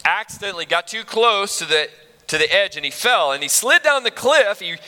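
A male pastor giving a sermon with a high, very bright voice that rises and falls in lively swings. He talks earnestly and conversationally, circling back to restart his phrases. The long reverb of a large church hall follows him. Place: church sanctuary.

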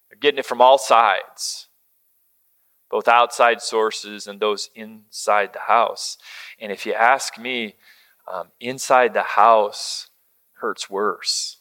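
A middle-aged male pastor delivers his sermon in a bright, clear voice. He talks like he's telling a story to friends, then drops his voice low and soft for the comforting lines. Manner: conversational storytelling, dropping to a hush for quoted comfort.

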